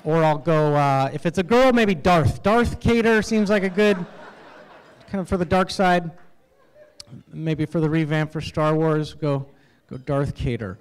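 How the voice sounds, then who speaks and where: A man from the United States performing an animated, self-deprecating stand-up set at an awards event, with halting fillers. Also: on the high side, clean tone. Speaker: stand-up comedian. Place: event hall with audience laughter.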